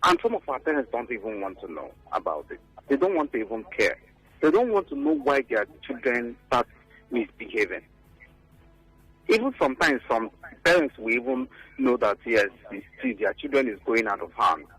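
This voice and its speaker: A man's voice: medium pitch, sing-song, moderate pace, a bit bright, husky, no room sound, soft background music, low-quality recording. A Nigerian man calling in to a radio show, speaking earnestly and repeating himself for emphasis. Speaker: phone-in caller.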